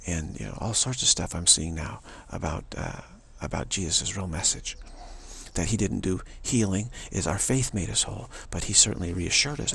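A man's voice: low voice, vocal fry, fairly bright tone, a little hiss or hum. A man giving an earnest, rambling spiritual monologue, repeating himself and restarting sentences often. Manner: earnest, repetitive, halting with many restarts. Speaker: spiritual speaker.

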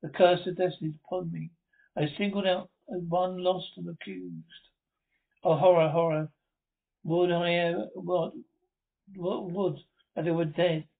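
A man's voice: fairly high pitch, flat delivery, moderate pace. A man reading a frantic young woman. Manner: pleading, exclaiming loudly. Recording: tinny lo-fi recording.

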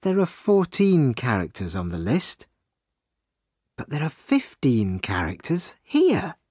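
Man playing observant young woman worker, careful thoughtful tone, storybook reading, lively pitch, dry sound. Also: takes it slowly, slightly rough, dry recording, exaggerated voice. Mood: puzzled. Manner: thoughtful, checking things carefully. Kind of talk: storybook reading for English learners.

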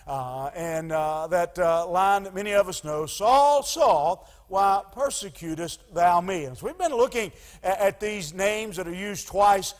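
A man, a pastor delivering a sermon in a halting way, with many pauses and restarts. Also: high-pitched, big-room sound. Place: church sanctuary.

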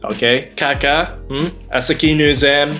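A man's voice: fairly high pitch, steady tone, measured pace, over loud music. A man whose first language is English, hosting a joking comedy explainer in a playful, mock-dramatic way. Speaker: YouTube host.

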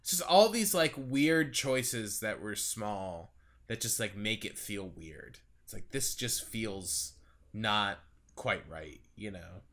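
Lively, bright-voiced man chatting casually. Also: lowish voice, slow pace. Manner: rambling, animated, laughs often. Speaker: podcast co-host. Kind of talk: casual chat.

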